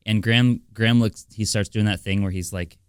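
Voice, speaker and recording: Laughing low-voiced man telling stories. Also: fairly quick, clean tone, no echo, studio quality. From America. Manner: animated storytelling, laughs often. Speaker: podcast co-host. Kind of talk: casual chat.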